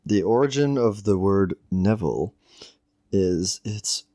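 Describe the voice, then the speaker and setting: A low-voiced young man recaps a movie in casual talk with a deadpan, slightly exasperated tone. The recording is dry and close, with no room sound. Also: slow pace, dry recording. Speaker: podcast co-host. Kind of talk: casual chat, recapping a film.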